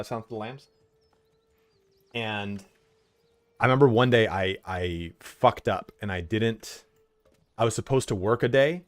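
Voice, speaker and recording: A man's voice: on the low side, no echo. A young man streaming from home, chatting casually and telling rambling stories with lots of swearing and filler words. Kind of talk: casual livestream chat.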